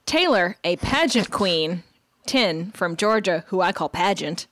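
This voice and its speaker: A woman co-hosting a podcast in casual chat, recapping a TV show with animated, sarcastic asides and frequent "like". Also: lowish voice, measured pace, no room sound, clean studio sound. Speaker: podcast co-host.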